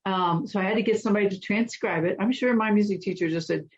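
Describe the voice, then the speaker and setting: A woman guest in an interview, telling animated stories and acting out the voices of people in them. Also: medium pitch, quick pace, hardly any pauses, slightly rough, muffled recording. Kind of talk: storytelling in an interview.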